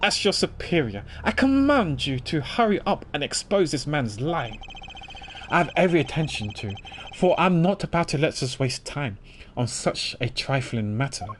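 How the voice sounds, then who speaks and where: A man's voice: a little high, sing-song, normal speed, a little hiss or hum. A man voicing a stern young male prosecutor who speaks in a stiff, formal and cutting way.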